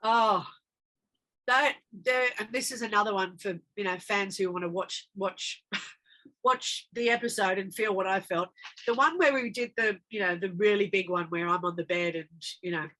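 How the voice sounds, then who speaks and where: Bright, animated woman. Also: mid-range voice, moderate pace. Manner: animated, acts out dialogue in her anecdotes. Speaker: actress guest. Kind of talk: casual interview storytelling.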